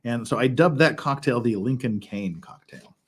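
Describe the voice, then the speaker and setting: A man's voice: medium pitch, moderate pace, slight background noise. A man hosting a casual livestream, rambling and chuckling as he builds Lego and counts pieces aloud. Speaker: stream host.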